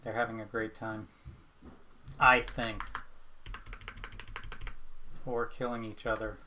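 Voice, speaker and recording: A man's voice: fairly low pitch, level tone, takes it slowly, sharp tone, slight background noise. A man streaming a puzzle game from home, chatting casually and out of breath from exercising between puzzles. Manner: counts exercise reps aloud between chatty asides. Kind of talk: casual chat while playing a puzzle game.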